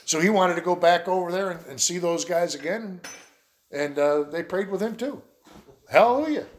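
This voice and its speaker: A pastor with a high-pitched voice preaches to his congregation. He tells stories in a folksy way, full of laughs and asides. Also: moderate pace. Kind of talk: sermon.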